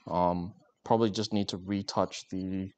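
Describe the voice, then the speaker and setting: A man's voice: low-pitched, fairly even intonation, measured pace, noisy background. A man chatting casually and joking with viewers while working on a craft during a live stream. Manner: rambling, joking, talks to chat while working.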